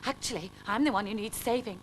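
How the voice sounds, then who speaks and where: A woman voicing an anxious, polite and fussy gentleman with a prim, breathy manner. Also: fairly high pitch, fast, slight background noise, lightly acted, low-quality recording. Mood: fretful.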